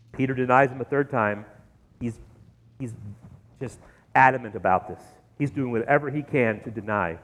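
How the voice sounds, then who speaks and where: A middle-aged man preaching a sermon in a church, telling the story with lively, acted-out quotes. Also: medium pitch, normal speed, big-room sound. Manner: animated storytelling, acting out quoted voices. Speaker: pastor. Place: church sanctuary.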